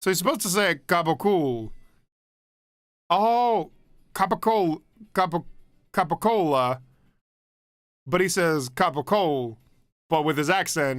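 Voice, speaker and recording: A man's voice: a little high, takes it slowly, pauses often, dry recording, studio quality. A young man streaming and chatting casually, rambling, laughing often and swearing freely. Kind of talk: casual chat. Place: home streaming setup.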